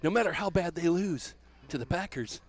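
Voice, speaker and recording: A man voicing an overexcited church brother who gushes in loud, drawn-out shouts. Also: sits high, lively intonation, pitched above the performer's own voice. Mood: protesting.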